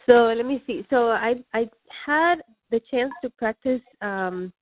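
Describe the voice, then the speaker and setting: A woman's voice: on the high side, unhurried, no echo. Female student, chatty and hesitant, over a dry tinny phone line. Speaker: student sharing her practice. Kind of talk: casual chat on a phone call.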